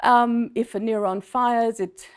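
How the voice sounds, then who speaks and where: A woman's voice: a little high, steady tone, slow pace, clear, resonant tone. A woman professor giving a conference lecture in a conversational way, with lots of fillers and self-interruptions, checking in with "okay?" and "yeah?".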